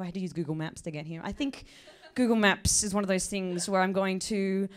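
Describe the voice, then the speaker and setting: A woman's voice: medium pitch, quick pace. Woman, young adult, stand-up comedian, chatty, self-mocking, stumbling restarts. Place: live comedy venue with an audience.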